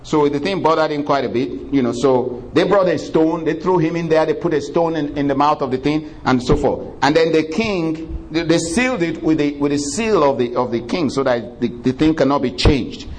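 A male preacher telling a story in a sermon, animated and conversational, laughing often and breaking into exclamations of praise. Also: a little high, normal speed, hardly any pauses. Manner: conversational, many fillers.

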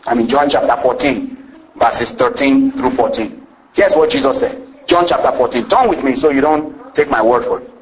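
A man's voice: medium pitch, rough recording. A man preaching a sermon, reading scripture aloud and building phrases with rising and falling emphasis. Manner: rhythmic preaching with swooping rises and drawn-out phrases; reads scripture aloud in old-style wording.

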